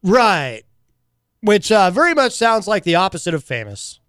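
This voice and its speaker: A man's voice: high-pitched, very animated, normal speed, fairly bright tone, clear, resonant tone, no room sound, clean studio sound. A man hosting a radio show in casual chat, teasing his co-host in a playful, mock-dramatic way. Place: radio studio.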